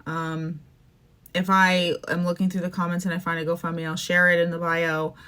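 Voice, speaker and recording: A young woman from Canada talks fast and heatedly on her podcast, her voice sitting a little low. She jumps between thoughts, filling gaps with "like" and "um", and her feeling keeps breaking through. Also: flat delivery, a bit bright, clean tone. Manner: emotional, fast-shifting, says "like" and "um" often. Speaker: podcast host. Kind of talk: casual opinion rant.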